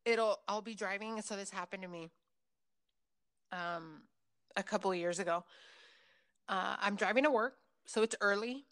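A woman telling personal stories in a loose, casual chat, swearing freely and filling pauses with ums and likes. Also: medium pitch, fairly bright tone. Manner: filler-heavy, with frequent ums and likes.

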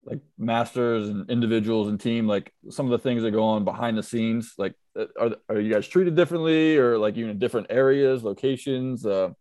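A man co-hosting a podcast, asking questions in a halting way as he searches for words. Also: medium pitch, dark tone, no echo. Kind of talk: casual interview questions.

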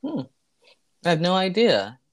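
A man co-hosting a podcast, reading out shout-outs with mock formality and playful teasing. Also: high voice, wildly swooping pitch, measured pace. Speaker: podcast co-host. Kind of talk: casual comedic banter.

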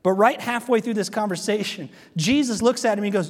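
High-voiced pastor in an echoing church. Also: male voice, fairly quick. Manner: earnest, asks the congregation rhetorical questions. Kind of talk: sermon. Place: church sanctuary.

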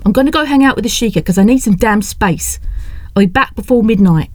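A woman's voice: medium pitch, lively intonation, a little fast, dry recording, natural voice. A woman voicing a fiery, frustrated young woman who talks back indignantly. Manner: indignant, sharp-tongued. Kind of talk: audiobook character reading.

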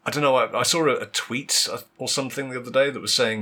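A man's voice: mid-range voice, quick pace, few pauses, bright, forceful tone. A man hosting a casual podcast chat, curious and easygoing, asking questions and laughing often.

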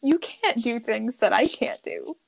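A teenage girl in casual chat, her voice sitting a touch high. She talks in a slangy, chatty way and laughs often as she goes. The conversation stays loose and friendly throughout. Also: animated, unhurried, vocal fry. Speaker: guest.

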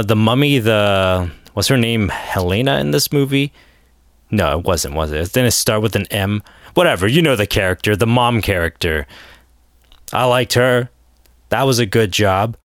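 A man hosting a solo podcast in a casual, rambling rant, breaking into sarcastic, animated outbursts. His voice sits in an ordinary middle pitch and sounds dry and close to the mic. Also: smooth, no echo. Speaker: podcast host.

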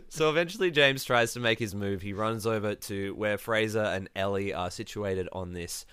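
A man's voice: fairly low pitch, moderate pace, a bit bright, smooth, no echo. A man hosting a podcast, casually recapping a reality show with wry, dry asides. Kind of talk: casual chat.

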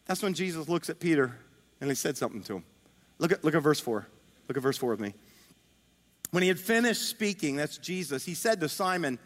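A male pastor delivers a sermon, telling a story in a chatty, animated way. His voice sits fairly high. It rings out with a long hall reverb, as in a large sanctuary. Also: moderate pace, pauses often.

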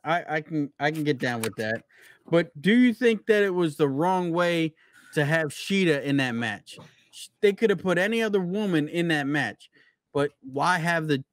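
A man's voice: a little high, dry recording, clean studio sound. A man co-hosting a wrestling podcast, steering the casual chat with questions to the others. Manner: leads the talk, asks questions to the others.

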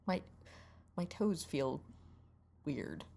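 Rambling woman co-host with lively pitch. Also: drawn-out words, creaky, slightly rough. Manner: rambling, easily distracted, apologetic. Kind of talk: in-character comedic banter.

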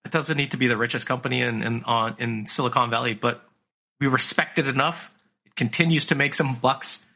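A man's voice: medium pitch, fairly even intonation, fairly quick, bright, forceful tone. A man chatting casually on a podcast, telling a story with lots of profanity and slipping into mocking voices for the people he quotes.

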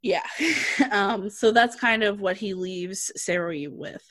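A woman's voice: mid-range voice, slow pace, no echo. Female co-host, casual recap voice, laughs a lot, dry close sound. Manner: chatty, laughs often, quotes characters in flat asides. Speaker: podcast co-host recapping a drama. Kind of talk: casual chat.

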